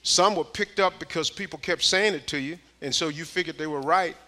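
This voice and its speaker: A man preaching a sermon in church, dropping to a hush and climbing to shouted, repeated rhetorical questions with folksy street phrasing. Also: a little high, a little fast. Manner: preaching with swings from hushed to shouted calls. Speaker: pastor. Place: church sanctuary.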